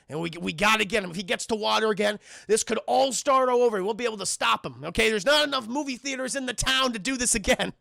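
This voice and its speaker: A man recaps a film for his live chat, lively, profane and full of acted-out bits. His voice sits high, with a bright, sharp edge. The sound is close and dry. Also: fast, vocal fry, no echo. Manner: animated, profane, acts out characters. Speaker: streamer and film reviewer.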